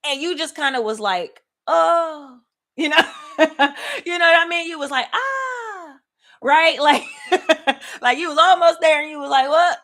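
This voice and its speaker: A woman hosting a casual live Bible study, lively and laughing as she talks straight to her viewers. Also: high-pitched, moderate pace. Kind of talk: casual livestream Bible teaching. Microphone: webcam or desk mic on a live stream.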